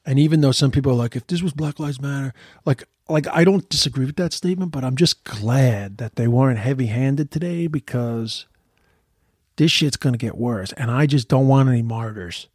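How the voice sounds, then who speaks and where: A man's voice: medium pitch, normal speed, darkish tone, breathy edge, no room sound, clean studio sound. A man giving heated, profane political commentary in a casual rant, often stumbling and repeating words.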